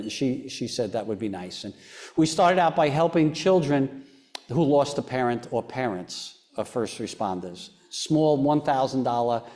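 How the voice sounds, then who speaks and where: A man, a foundation chairman interviewed on stage, telling a personal story in an earnest, halting way, often restarting and sometimes dropping very quiet. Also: mid-range voice.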